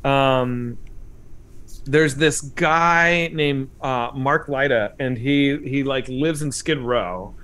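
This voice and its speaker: A man's voice: medium pitch, slow pace, a bit bright, clear, resonant tone. Male comedy stream host, casual, rambling, filler-heavy, medium voice. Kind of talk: casual livestream chat.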